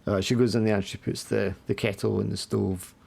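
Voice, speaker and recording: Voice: low-pitched, level tone, a little fast, creaky, darkish tone, breathy edge. A game master casually narrating a tabletop role-play scene, with many fillers.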